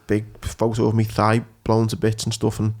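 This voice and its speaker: A man from England, a podcast host and ex-Marine, telling a frank, animated story in casual chat. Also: on the low side, normal speed.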